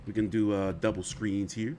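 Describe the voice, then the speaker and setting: A man's voice: on the low side, level tone, normal speed, darkish tone, slight background noise. A man hosting casual boxing commentary, rambling and opinionated, often profane.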